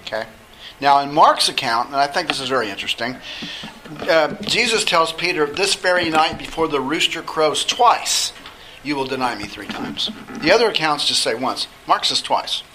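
A man's voice: fairly high pitch, lively intonation, pushed and bright, a little hiss or hum, poor audio. A man teaching a Bible study lesson, talking conversationally and putting questions to the class. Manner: conversational, asks the class questions, halting restarts.

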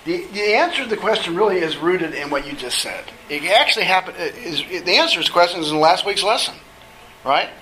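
A man's voice: sits high, animated, sharp tone, poor audio. A man teaching a Bible study lesson, talking conversationally and putting questions to the class. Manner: conversational, asks the class questions, halting restarts.

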